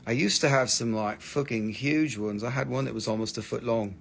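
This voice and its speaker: A man's voice: medium pitch, fairly quick, vocal fry, slight background noise. A man chatting casually and joking with viewers while selling mineral specimens on a livestream, swearing freely. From US East Coast. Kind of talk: casual live-sale chat.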